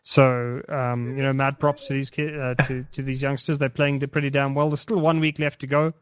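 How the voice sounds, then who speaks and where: Halting male podcast co-host, lo-fi. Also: medium pitch, level tone. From South Africa. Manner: halting, many fillers and restarts, teasing. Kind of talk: casual podcast chat.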